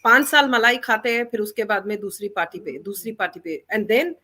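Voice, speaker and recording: A woman's voice: medium pitch, expressive, racing, bright, forceful tone. A woman speaking emphatically as a panelist in a political debate, using "you know" fillers and slipping into Hindi.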